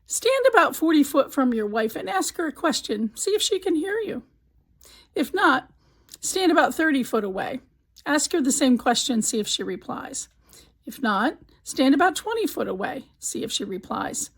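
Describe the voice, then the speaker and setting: A woman's voice: high-pitched, sing-song, normal speed. A woman voicing a male doctor explaining a simple step-by-step test. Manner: instructive, step by step. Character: matter-of-fact male doctor giving advice.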